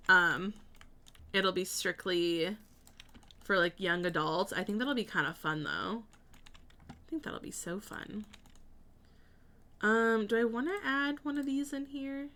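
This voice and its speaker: Bright-voiced chatty woman streamer. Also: medium pitch. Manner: chatty, thinks aloud, reads and answers chat. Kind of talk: casual chat while building in a life-sim game.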